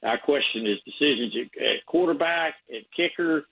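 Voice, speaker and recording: Husky-voiced male sports reporter. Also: fairly high pitch, moderate pace, fairly bright tone, low-quality recording. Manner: rambling storyteller with restarts. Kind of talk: radio interview guest.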